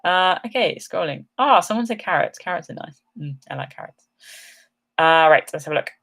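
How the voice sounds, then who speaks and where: A woman's voice: lowish voice, animated, moderate pace, creaky, fairly bright tone. Woman host, casual live-stream Q&A, upbeat and rambling, slightly tired. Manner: chatty, upbeat, rambling with many ums. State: yawning, a little tired. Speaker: outdoor channel host. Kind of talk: live-stream chat answering comments.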